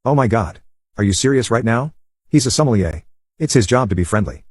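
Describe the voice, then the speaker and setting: Guy voicing a vain girlfriend brushing him off, fast and dismissive, dry sound. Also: mid-range voice, animated, slightly rough, no room sound. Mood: defensive, scornful. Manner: dismissive, defensive.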